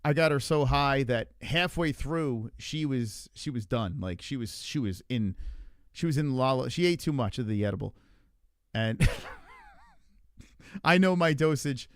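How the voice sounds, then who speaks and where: A male livestream host talks in a loose, rambling way, swearing freely as he reacts to the chat. His voice sits at an ordinary middle pitch. The sound is dry, with no room around it. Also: animated, measured pace, long pauses, dry recording. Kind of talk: casual profane livestream chat.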